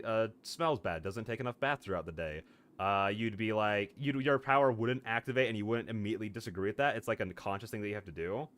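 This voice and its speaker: A young adult man streaming a casual visual novel read-aloud, excitable and goofy, rambling through asides and narration. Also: on the low side.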